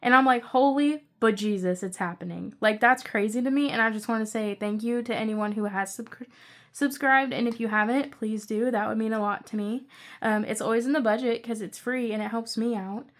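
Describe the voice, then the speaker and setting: A young woman chatting casually through her budget, rambling with excitable asides. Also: a little high, brisk. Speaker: budgeting channel creator.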